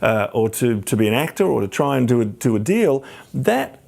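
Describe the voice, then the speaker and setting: A man hosting a podcast, telling stories in a casual, animated way and acting out the people he quotes. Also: medium pitch, normal speed, gravelly. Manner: animated, acts out quoted voices. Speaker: podcast host. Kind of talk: casual storytelling chat.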